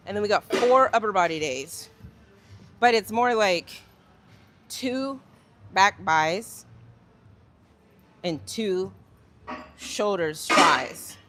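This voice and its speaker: With a mid-range, fairly bright voice, a young fitness creator from Virginia casually talks livestream viewers through her workout inside a gym, addressing them as y'all. There's a little hiss or hum on the audio.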